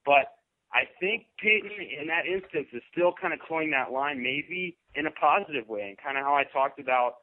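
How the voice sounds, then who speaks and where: A man co-hosting a casual podcast chat, speaking thoughtfully and haltingly, often restarting phrases. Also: a little high, expressive. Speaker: podcast co-host. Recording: tinny phone-line sound.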